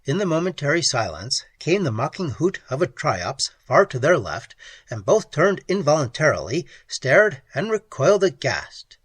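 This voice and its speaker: An audiobook narrator reading a classic science fiction tale with lively, dramatic storytelling. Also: moderate pace, breathy edge, no room sound. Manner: lively, dramatic storytelling, swinging widely in pitch. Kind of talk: slow, expressive audiobook narration.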